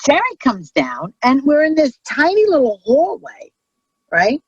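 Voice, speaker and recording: A middle-aged woman comedian, telling stories in a brash, profane, animated way. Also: sits high, a little slow, dry recording, highs cut off. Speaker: comedian guest. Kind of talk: casual storytelling chat.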